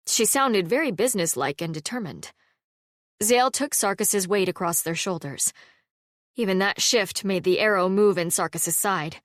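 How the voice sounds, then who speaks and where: A woman narrates a fantasy audiobook in a steady, wry storytelling voice at a middle pitch. Her close mic picks up a dry studio sound with no room echo. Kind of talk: scripted narration.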